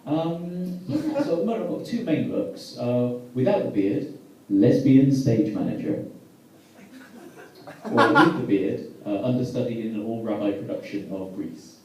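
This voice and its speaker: A young British man doing a stand-up set, chatting with the crowd and delivering absurd jokes deadpan. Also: medium pitch, a little slow. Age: young adult. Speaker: stand-up comedian. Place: comedy venue with a live audience. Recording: echoey room from far off. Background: audience laughter.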